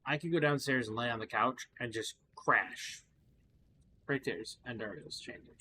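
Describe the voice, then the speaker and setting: A man talks through his gameplay in a loose, rambling way, often stopping on fillers and starting over. He sounds tired and is yawning. His voice is bright, with a faint hum behind it. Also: mid-range voice, moderate pace. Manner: rambling, chatty, with frequent fillers and restarts. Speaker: gaming channel host. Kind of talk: casual gameplay commentary.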